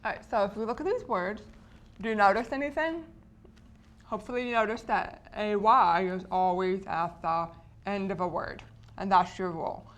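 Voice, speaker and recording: A woman's voice: medium pitch, moderate pace. A woman explaining spelling patterns to teachers in a patient lesson, often checking in with the listeners. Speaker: teacher educator.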